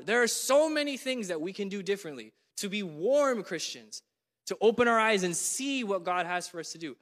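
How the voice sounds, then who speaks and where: A man preaching a sermon in a church, lively and dramatic, acting out what God says. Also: high voice, moderate pace, long reverb tail. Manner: animated, voices God in dramatic quotes.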